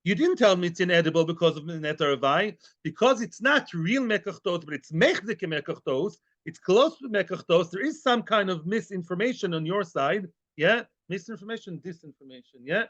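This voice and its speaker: A man teaching a daily Talmud class, lively and conversational, mixing in Hebrew and Yiddish terms and often checking in with "yeah?". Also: high voice, normal speed, few pauses. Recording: dull lo-fi recording.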